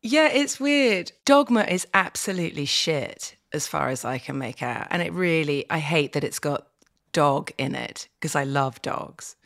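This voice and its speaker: A woman's voice: low voice, expressive, a little slow, creaky, fairly bright tone, dry recording, clean studio sound. A middle-aged woman talking frankly as a guest over the phone, swearing freely and reflecting. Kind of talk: casual conversation on a phone call.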